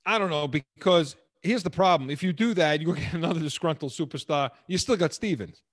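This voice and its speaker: A man co-hosting a sports talk show, talking in an animated, emphatic way with many restarts. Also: a little high, a little fast, no room sound, studio quality. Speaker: sports radio co-host.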